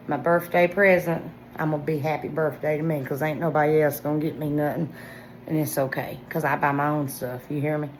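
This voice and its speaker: A low-voiced woman in her forties with a drawl speaks in a chatty, excitable vlog style. She talks right at her viewers, full of enthusiasm. A faint background noise sits under her voice. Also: rough recording. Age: 40s. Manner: excitable, chatty, talks straight to viewers with lots of "y'all" and "listen". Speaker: vlogger reviewing products. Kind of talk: casual product review vlog.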